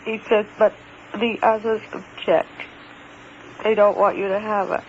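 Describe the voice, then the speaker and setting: A man telling a strange encounter in the first person, in a hesitant, halting way that repeats words and grows emphatic. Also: sits high, flat delivery. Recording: dull lo-fi recording with faint hiss.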